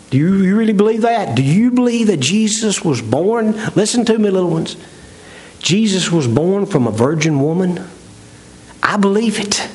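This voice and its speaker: A middle-aged man preaching a sermon in a folksy way, stretching out key words and then rushing through asides. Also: sits high, darkish tone, low-quality recording. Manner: folksy, swings from slow drawn-out emphasis to quick asides.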